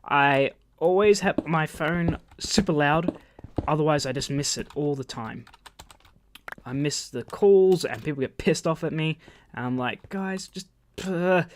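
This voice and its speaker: A man with an Australian accent telling rambling, animated stories while commentating his gameplay, swearing freely. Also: on the high side, unhurried. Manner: rambling, animated anecdotes with profanity. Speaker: gaming channel host. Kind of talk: storytelling over gameplay commentary.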